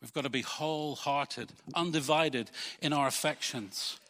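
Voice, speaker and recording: A man preaching a sermon as pastor, putting rhetorical questions to his congregation and swinging between loud urging and quiet earnestness. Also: on the high side, measured pace, long reverb tail.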